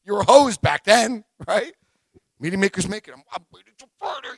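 A man speaking to a recovery meeting group, telling lively stories with loud bursts, muttered asides and crude humor. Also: high-pitched, brisk, creaky, slightly rough, no echo. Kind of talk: animated talk to a group.

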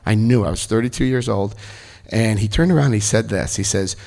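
A brisk man in his fifties, with some vocal fry, recounts his personal testimony at a recovery meeting. He tells it with energy and humor, popping into high voices for quoted lines.

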